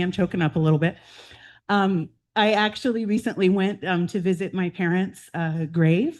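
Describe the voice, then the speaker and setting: A woman's voice: mid-range voice, a little mellow. Chatty woman sharing family stories. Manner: chatty and heartfelt, with fillers and laughs. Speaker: club president-elect. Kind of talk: personal slideshow talk to a club meeting. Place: meeting room.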